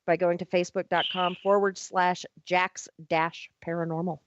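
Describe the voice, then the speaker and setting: A woman hosting a casual radio talk show, upbeat and quick to laugh. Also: on the low side, level tone, slight background noise. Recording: muffled radio broadcast audio.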